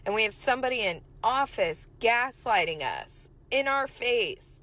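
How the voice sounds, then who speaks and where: A woman's voice: fairly high pitch, lively intonation, a little slow, a bit bright. A woman ranting frustratedly to camera, swearing.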